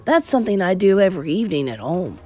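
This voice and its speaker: A woman voicing a loudmouthed, greedy, spoiled boy who has been turned into a mouse, shouting indignantly in a storybook read-aloud. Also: fairly low pitch, sing-song, fast, faint music behind. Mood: grumbling.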